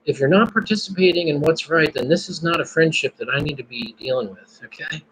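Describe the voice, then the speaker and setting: A man's voice: a little high, fairly quick, fairly bright tone, slight background noise, rough recording. A man hosting a casual live stream, musing and praying aloud between his thoughts. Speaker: podcast host.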